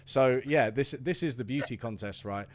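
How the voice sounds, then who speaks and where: A man's voice: mid-range voice, moderate pace. A man, a guest talking through an economics idea in a loose, rambling way with restarts and fillers. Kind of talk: casual discussion.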